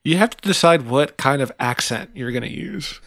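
A man's voice: fairly high pitch, lively intonation, moderate pace, gravelly, fairly bright tone, no echo, clean studio sound. A man co-hosting a podcast, chatting casually with an enthusiastic, joking manner and some stammering. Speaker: podcast co-host. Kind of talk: casual comedy chat.

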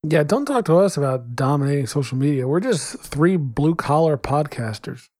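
A man's voice: a little high, animated, normal speed, a little mellow, no room sound, studio quality. Easygoing young man co-hosting comedy. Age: young adult. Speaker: podcast co-host. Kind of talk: scripted comedy podcast.

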